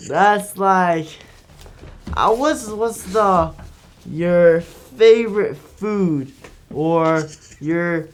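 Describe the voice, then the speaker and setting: A man's voice: high-pitched, drawn-out words. A young man talking as a guest in a casual interview, laid-back as he tells his story. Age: young adult.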